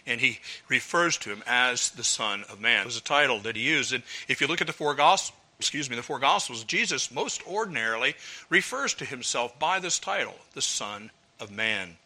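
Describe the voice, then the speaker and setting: Bright-voiced male preacher. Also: medium pitch. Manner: earnest teaching tone, rhetorical questions. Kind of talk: expository sermon.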